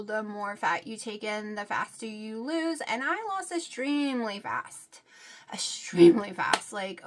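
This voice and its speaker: A woman's voice: a little high, pushed and bright. A middle-aged woman chatting casually to camera at home, rambling with many fillers. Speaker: vlogger. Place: home room with TV on.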